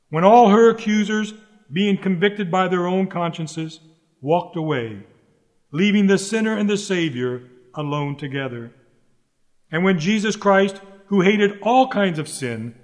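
A man preaching a sermon, earnest and emphatic, pleading with the listeners and repeating his key phrases. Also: high voice. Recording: long hall reverb.

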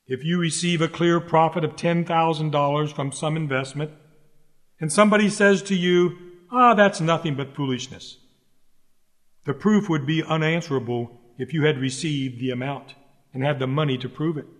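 A man's voice: fairly high pitch, fairly even intonation, normal speed. A man preaching a sermon, earnest and emphatic, pleading with the listeners and repeating his key phrases. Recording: long hall reverb.

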